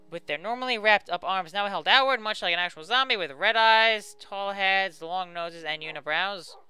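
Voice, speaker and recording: Man, let's play host; vivid bright tone, clean and crisp delivery, chatty, self-deprecating. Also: high-pitched. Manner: chatty and self-mocking, talks to viewers. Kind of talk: casual let's play commentary.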